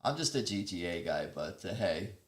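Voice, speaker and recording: A man's voice: sits low, big pitch swings, moderate pace, reverberant. A man hosting a casual live stream, rambling and breaking off mid-sentence as he chats with viewers. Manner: rambling, self-interrupting, chatting with viewers.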